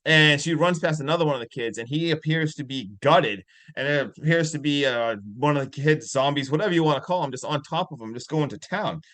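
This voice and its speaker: A man co-hosting a podcast, excitedly retelling a horror movie scene by scene with lots of "like". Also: on the high side, a little fast, few pauses. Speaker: podcast co-host. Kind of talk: casual movie review chat.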